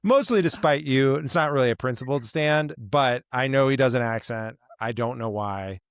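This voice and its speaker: A man's voice: mid-range voice, moderate pace, smooth, no echo, studio quality. A man co-hosting a podcast in casual chat, rambling and opinionated with lots of filler "like". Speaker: podcast co-host.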